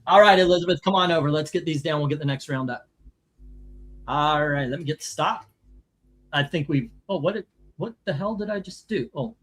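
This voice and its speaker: A man's voice: on the high side, a little fast, fairly bright tone. A middle-aged man hosting a live comic auction stream, chatting casually in a rambling, jokey way with lots of fillers.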